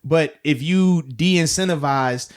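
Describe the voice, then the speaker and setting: A fairly high-pitched man in his thirties chatting on a sports podcast, animated and quick to laugh. He drops easygoing slang through his talk and keeps the energy up. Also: clear, resonant tone. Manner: animated, laughs often, uses slang like "baby" and "bro". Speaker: podcast co-host and former player. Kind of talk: casual sports podcast chat.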